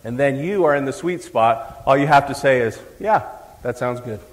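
A man's voice: medium pitch, animated, normal speed. A middle-aged man giving a live talk on parenting to an audience, chatty and joking with the crowd. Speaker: psychologist speaking at a parenting event. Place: large hall, live event. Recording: long hall reverb.

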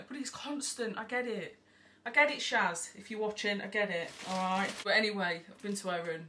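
Bright-voiced chatty woman. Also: medium pitch, a little fast. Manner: rambling, chatty, swears freely. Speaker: vlogger. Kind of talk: casual haul vlog chat. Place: at home by an open window. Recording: distant mic, faint background noise.

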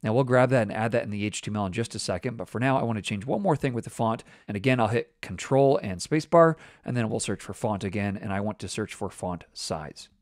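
A man's voice: fairly low pitch, expressive, fast talker, hardly any pauses, no room sound, clean studio sound. A man giving a casual screen-recorded coding lesson, explaining each step as he works. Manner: casual, explanatory, walks through steps while working. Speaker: web development instructor.

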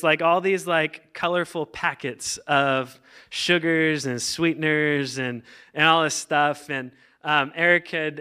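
Bright, clear-voiced casual male pastor. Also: a little high. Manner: casual, joking, many fillers and restarts. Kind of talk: conversational sermon.

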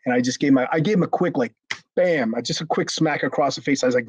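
A man, a former wrestler, telling a story in a casual interview, animated and profane, acting out what others said. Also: medium pitch, quick pace, breathy edge, dry recording, lo-fi sound. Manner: animated, acts out quotes with raised voice, frequent restarts and swearing.

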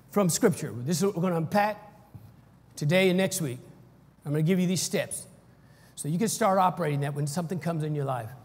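A pastor preaching with fervor, his fairly high voice rising to shouts and then falling back to a steady teaching tone. He draws the congregation into call-and-response. The sound rings through a large, reverberant church hall. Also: slightly rough. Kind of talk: sermon.

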